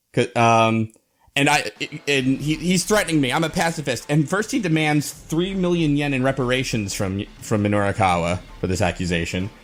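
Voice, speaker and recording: A man at a middling pitch co-hosts a podcast. He gives a loose, rambling recap from his notes. He keeps breaking into small chuckles. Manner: rambling, with many fillers and restarts and frequent chuckles. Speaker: podcast co-host.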